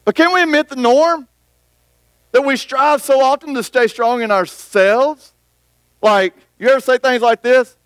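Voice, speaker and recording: A man's voice: sits high, brisk, a bit bright, no room sound. A man preaching a sermon in a conversational way, acting out the voices of other people. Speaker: pastor.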